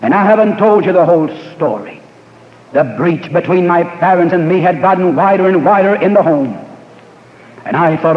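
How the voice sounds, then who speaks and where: A man's voice: high voice, animated. Fervent evangelist man in an echoing hall. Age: middle-aged. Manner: fervent, dramatic pauses, swelling and dropping delivery. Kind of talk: sermon testimony. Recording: dull archival hall recording.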